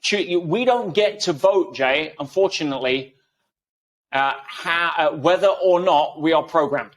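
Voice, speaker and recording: A man's voice: on the high side, a little slow. Emphatic man explaining by analogy. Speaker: interview guest. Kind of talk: conversational interview.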